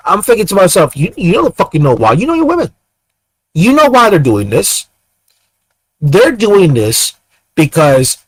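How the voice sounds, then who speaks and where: A man host delivering an angry, profane, rapid ranting monologue. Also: on the high side, no room sound, low-quality recording.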